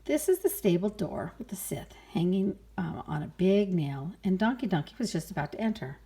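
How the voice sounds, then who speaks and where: Reading a children's picture book aloud, a woman with a lowish voice keeps a moderate pace and a playful, expressive delivery, sighing and exclaiming along with the story.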